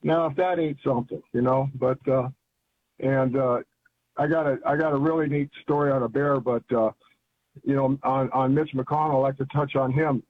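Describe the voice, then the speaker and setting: A man's voice: medium pitch, steady tone, moderate pace, a little hiss or hum. An older man calling into a radio show, rambling and enthusiastic in colloquial talk. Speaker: caller. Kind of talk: phone-in chat. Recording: tinny phone line.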